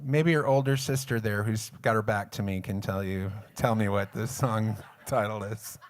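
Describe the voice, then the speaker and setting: A man's voice: fairly low pitch, steady tone, moderate pace. A singer-songwriter chatting casually with his audience between songs at a live music venue, joking, rambling and swearing offhandedly. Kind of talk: casual stage banter with the audience.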